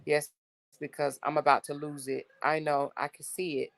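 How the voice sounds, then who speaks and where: On her casual livestream, a woman reads texts out to viewers, bluntly exasperated and cursing without restraint. Her voice is low and creaky, with little pitch movement, at a normal speed.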